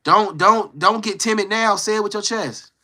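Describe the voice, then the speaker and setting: Speaking at a moderate pace, a young man with a high-pitched, sharp voice streams live and chats casually with viewers. He pokes fun at the chat's trolls in teasing, playful trash talk.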